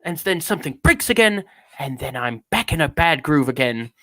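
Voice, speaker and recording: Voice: mid-range voice, very animated, normal speed, a bit bright, no echo. A streamer putting on an affected British accent to read out an anguished man's confession with theatrical grandeur. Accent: put-on British. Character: grandiose anguished man reading his own confession. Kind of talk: dramatic reading of a text.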